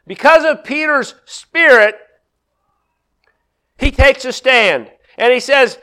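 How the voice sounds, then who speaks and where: High, bright-voiced male preacher. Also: slow pace, vocal fry, long pauses, clean tone. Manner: animated preaching, acts out quoted lines with big swings in loudness. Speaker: pastor. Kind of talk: sermon.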